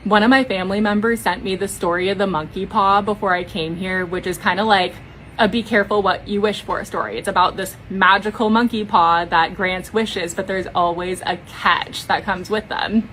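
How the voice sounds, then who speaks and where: A woman's voice: mid-range voice, steady tone, moderate pace, fairly bright tone, rough recording. Young woman vlogging, valley girl talk, like like like, bit of noise behind. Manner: Valley-girl way of talking, lots of "like". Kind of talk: casual vlog monologue.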